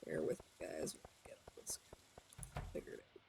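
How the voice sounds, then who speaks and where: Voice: normal speed, in a whisper. A game streamer giving live commentary, muttering to themself while playing and now and then talking to chat.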